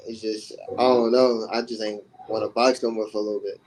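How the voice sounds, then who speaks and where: Young boxer with a flat, low voice. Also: male voice, fairly quick, a crowd in the background, rough recording. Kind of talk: casual interview.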